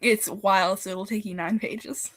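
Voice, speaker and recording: A young woman hosting a casual live reading stream, chatting and reading comments, laughing often and getting loud and excited. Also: medium pitch, measured pace, no room sound. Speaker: livestream host.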